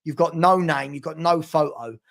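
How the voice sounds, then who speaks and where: London male streamer, high-ish and gravelly, blunt and repetitive, casual live football chat. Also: moderate pace. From South London. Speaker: live show host.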